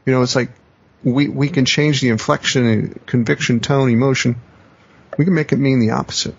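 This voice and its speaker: A man talks in a reflective, searching way as a podcast guest, repeating and rephrasing his points. His voice is gravelly and a bit husky. The audio is dull and lo-fi. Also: mid-range voice, steady tone, moderate pace, long pauses, no room sound. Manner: reflective, repeats and rephrases, acts out quoted phrases. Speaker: guest, coach and teacher. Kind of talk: conversational podcast explanation.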